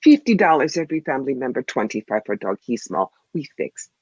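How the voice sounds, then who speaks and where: A woman's voice: sing-song, a little fast, darkish tone, breathy edge, no room sound, heavily acted. A woman voicing a scheming fake fortune teller with a bad put-on Russian accent and broken English, over a dull lo-fi line. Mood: wheedling. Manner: broken English, wheedling sales pitch.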